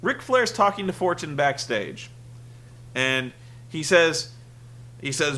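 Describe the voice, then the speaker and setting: Animated sarcastic young man reviewing wrestling. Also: fairly high pitch, takes it slowly, long pauses. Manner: sarcastic, rambling, acts out quotes. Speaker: wrestling podcast host. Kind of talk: casual review podcast.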